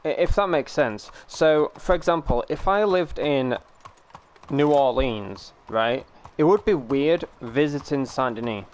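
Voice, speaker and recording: A man's voice: mid-range voice, lively intonation, measured pace, low-quality recording. Rambling British man streaming. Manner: rambling, swears, laughs easily. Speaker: live streamer. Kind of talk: casual live stream chat.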